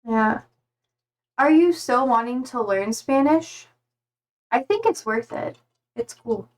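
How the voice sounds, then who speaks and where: Young woman from Germany, German native speaker, unhurried chatty livestreamer with a somewhat high voice. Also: animated. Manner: chatty, reads chat messages aloud. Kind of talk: casual chat with viewers.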